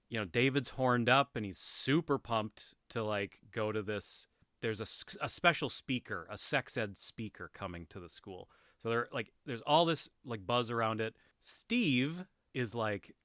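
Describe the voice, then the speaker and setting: Bright-voiced man rambling through a recap. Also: mid-range voice, no echo, studio quality. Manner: rambling and amused, with many fillers and restarts. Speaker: podcast host. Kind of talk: casual episode recap chat.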